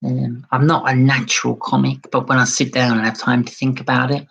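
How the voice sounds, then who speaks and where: A man chatting casually on a livestream and reading out viewer comments. He talks in a self-deprecating way and gently lifts his voice toward a feminine tone. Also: medium pitch, little pitch movement, fairly quick, creaky, husky, rough recording. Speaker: livestream host.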